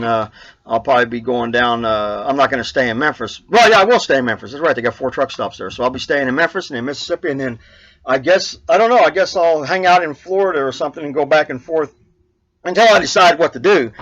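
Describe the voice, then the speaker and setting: A man with a high, bright voice rambles through a casual update on his own trucker show. He stops and restarts often, with lots of fillers and chuckles along the way. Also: rough recording. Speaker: trucker podcast host.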